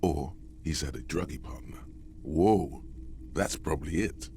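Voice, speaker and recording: An actor voicing the solemn narrator of a game, delivering poetic lines slowly and with weight. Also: male voice, rumbling low, dark tone, slight background noise. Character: solemn older male game narrator, grave and knowing. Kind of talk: scripted dramatic narration.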